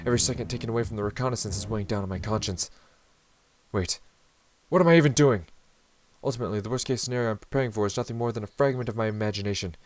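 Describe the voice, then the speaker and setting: A man's voice: on the low side, very fast, close to an everyday voice. A man reading aloud the inner monologue of a formal, flustered young male samurai from a visual novel. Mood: fretful.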